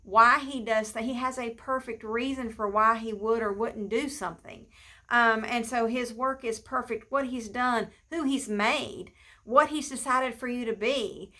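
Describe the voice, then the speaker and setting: A middle-aged pastor's wife giving an informal devotional, talking conversationally and repeating phrases for emphasis. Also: female voice, a little high, measured pace, sharp tone.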